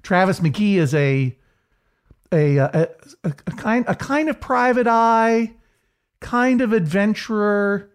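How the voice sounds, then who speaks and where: Man, higher-pitched voice, casual podcast chat, rambling, restarts often. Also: slow, smooth. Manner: rambling, chatty, lots of restarts. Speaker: podcast co-host.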